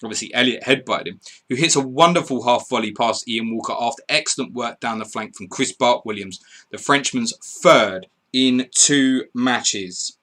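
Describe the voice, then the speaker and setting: A man hosting a live stream, chatting casually, reading out score updates and viewer messages in an excitable way. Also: mid-range voice, normal speed. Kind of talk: casual live commentary and chat.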